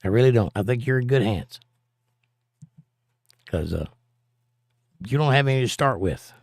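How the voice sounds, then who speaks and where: A man's voice: mid-range voice, expressive, normal speed, gravelly, darkish tone, dry recording, studio quality. A man hosting a live stream, reading chat aloud and answering with blunt, sarcastic put-downs.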